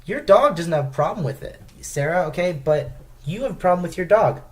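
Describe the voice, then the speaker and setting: Ranting man with a higher voice. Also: animated, a little fast. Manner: mock-preachy ranting, keeps tagging "okay?". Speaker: podcast co-host. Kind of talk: casual comedic banter.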